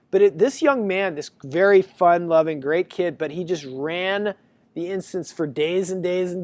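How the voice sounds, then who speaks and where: A man giving a casual university lecture, talking to students in a chatty, animated storytelling way. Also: high-pitched, no room sound.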